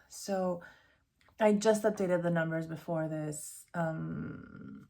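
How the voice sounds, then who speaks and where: Low, gravelly-voiced woman vlogging. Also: steady tone, normal speed, a little mellow. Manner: candid and rambling, with fillers and self-corrections; openly emotional, nervous laughs and sighs. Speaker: budgeting vlogger. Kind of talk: casual talk to camera.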